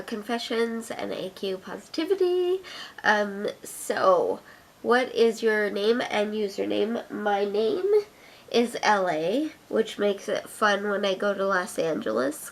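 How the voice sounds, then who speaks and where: A woman from Canada talks slowly and casually, her voice roughened by a cold into a gravelly, gruff tone. She fills her vlog chat with ums and little self-deprecating jokes. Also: mid-range voice. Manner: chatty, self-deprecating, filler-heavy. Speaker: vlogger.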